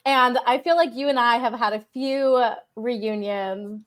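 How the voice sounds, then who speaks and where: A woman co-hosting a podcast, chatting casually and telling a story with lively emphasis. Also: fairly high pitch, a little slow. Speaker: podcast host.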